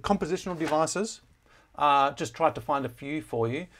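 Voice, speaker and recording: A man explaining a musical score in a relaxed, chatty way, often pausing with fillers and correcting himself as he goes. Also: fairly high pitch, slight background noise. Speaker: music teacher. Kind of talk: casual score walkthrough.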